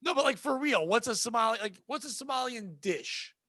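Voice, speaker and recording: Animated high-voiced man joking around. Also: brisk, dry recording, studio quality. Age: adult. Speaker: podcast host. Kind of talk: casual comedic chat.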